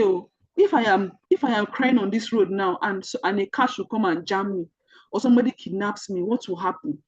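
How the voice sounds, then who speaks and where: A woman with a Nigerian accent mentors an online group through personal stories, repeating her points earnestly and addressing her listeners directly. Her voice is husky and sits in an ordinary middle pitch. The recording is dull and lo-fi, with a dry, close sound. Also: darkish tone, no echo. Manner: earnest, repetitive storytelling that speaks directly to listeners.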